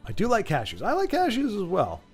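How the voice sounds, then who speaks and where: A man's voice: sits high, huge pitch swings, fairly quick, husky, soft background music. Rambling, chatty man streamer. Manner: rambling, self-interrupting, reads chat aloud. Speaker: streamer host. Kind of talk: casual livestream chat.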